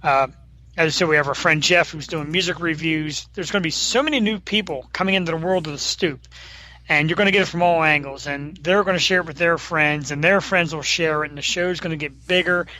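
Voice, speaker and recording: A man's voice: on the high side, fairly quick, sharp tone, low-quality recording. A man co-hosting a casual sports podcast, playful and teasing, laughing often. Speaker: podcast co-host.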